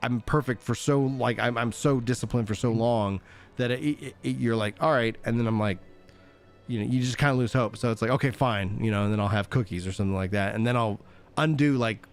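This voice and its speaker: Man, middle-aged, casual livestream chat, rambling, laughs a lot, medium pitch. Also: fairly quick. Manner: rambling, self-deprecating, laughs often. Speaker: streamer and podcast host.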